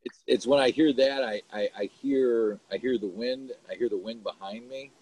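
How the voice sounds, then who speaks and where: A man's voice: mid-range voice, moderate pace, darkish tone, breathy edge, low-quality recording. A man hosting a casual video chat, earnest and rambling as he searches for words.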